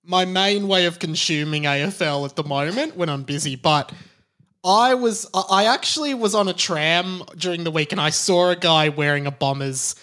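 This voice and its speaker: A man's voice: high-pitched, moderate pace, bright, forceful tone. A man as a podcast guest, talking in an easygoing, slightly rueful way. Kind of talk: casual sports chat.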